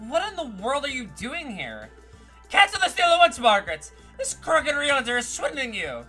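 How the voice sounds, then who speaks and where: Woman voicing a shouting, blustering vice commissioner. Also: high voice, huge pitch swings, normal speed, soft background music, voice pushed up, heavily acted. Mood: furious. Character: hotheaded middle-aged male vice commissioner.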